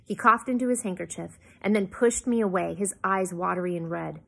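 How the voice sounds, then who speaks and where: Breathy woman reading a novel aloud. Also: lowish voice, brisk. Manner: expressive, with small slips and asides. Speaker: reader.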